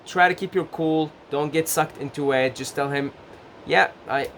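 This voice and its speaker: A man giving gentle, casual advice straight to the camera, full of fillers and restarts. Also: a little high, steady tone, normal speed, a little hiss or hum. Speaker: advice vlogger.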